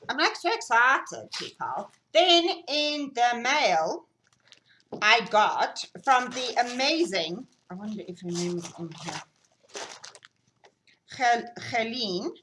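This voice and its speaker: Slow bright-voiced South African woman. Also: on the high side, slight background noise, rough recording. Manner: gushing, excitable, gasps and whispers over gifts. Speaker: knitting podcast host. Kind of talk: casual unboxing chat.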